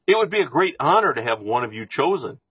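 Storybook: man voicing a dignified father, husky and plain. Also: on the high side, very animated, fast, a bit bright, dry recording, exaggerated voice. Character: proud gentle father, Mufaro.

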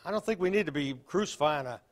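A man's voice: a little high, animated, fast. An older man preaching a folksy Baptist sermon, telling stories and reading King James verses with emphasis.

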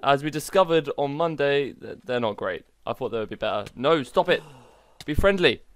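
Gaming host, excitable, self-mocking mod showcase commentary, dry close sound. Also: male voice, mid-range voice, fairly quick, no echo.

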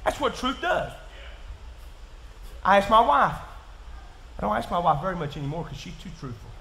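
A man with a Kentucky accent preaching in church, folksy and plain-spoken, dropping to quiet asides and rising to shouts. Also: high-pitched, sing-song, normal speed, vocal fry. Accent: Southern US, Kentucky. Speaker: pastor. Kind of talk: sermon. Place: church sanctuary. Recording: echoey church room.

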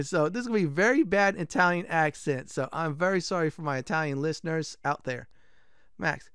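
A man's voice: on the high side, a little fast, fairly bright tone, smooth, dry recording, clean studio sound. A man hosting a let's play, chatting casually with fillers while exploring a game. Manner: casual, rambling, many fillers. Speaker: gaming channel host.

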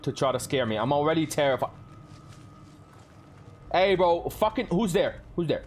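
A man's voice: on the high side, expressive, moderate pace, long pauses. A male streamer giving live commentary on a horror game, jumpy and swearing a lot while talking to his chat.

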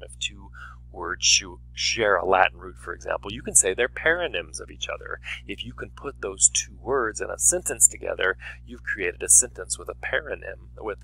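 A man's voice: low voice, vocal fry, sharp tone, husky. A man teaching a writing lesson in a chatty, explaining way. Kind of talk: classroom video lesson.

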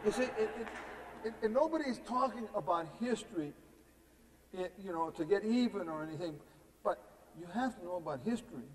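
A man's voice: sits high, lively intonation, a little fast. A man from California gives a public lecture in a university hall. He tells stories and asks his audience rhetorical questions. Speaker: guest speaker. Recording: long echo in a lecture hall.

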